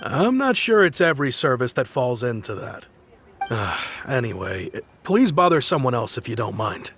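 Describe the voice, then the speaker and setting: A man's voice: mid-range voice, very animated, moderate pace, a bit bright, soft background music. A man voicing a busy, irritated townsman who brushes people off curtly. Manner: curt, dismissive.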